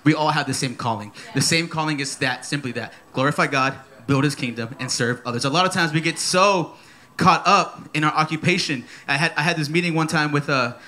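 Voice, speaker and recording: A man in his thirties preaches a sermon at a church service, energetic and playful, repeating his key phrases. His voice is fairly high and fairly quick.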